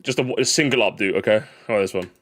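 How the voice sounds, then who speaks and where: A man's voice: fairly low pitch, very fast, a bit bright. A man hosting a casual gaming livestream, rambling jokily, repeating phrases and calling his viewers gamers. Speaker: livestream host.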